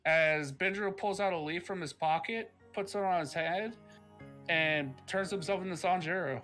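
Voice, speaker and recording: A man's voice: high voice, normal speed, fairly bright tone, soft background music. A man playing a tabletop role-playing game who jokes and laughs often while describing his character. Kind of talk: casual role-play chat.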